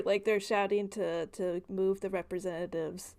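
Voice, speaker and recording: A woman's voice: mid-range voice, steady tone, measured pace, few pauses, darkish tone, clean tone, soft background music. A woman running a tabletop game as game master, narrating casually with many fillers.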